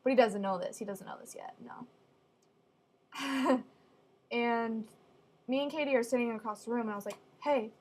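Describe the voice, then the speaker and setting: A young woman telling funny stories casually, with deadpan asides. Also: on the high side, normal speed, pauses often. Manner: chatty, deadpan asides, acts out quoted voices. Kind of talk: casual storytelling.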